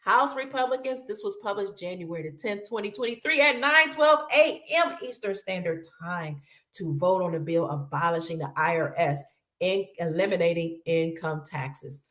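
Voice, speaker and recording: A woman's voice: fairly low pitch, animated, normal speed, fairly bright tone, roomy sound. A middle-aged woman hosting casual news commentary, chatty, addressing her viewers as family and reading lists aloud. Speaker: host.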